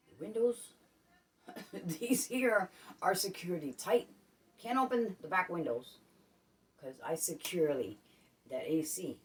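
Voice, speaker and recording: A woman from Puerto Rico giving casual advice on her vlog at home. She repeats herself and keeps checking in with "okay?". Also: lowish voice. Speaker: vlogger. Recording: voice a bit distant from the mic.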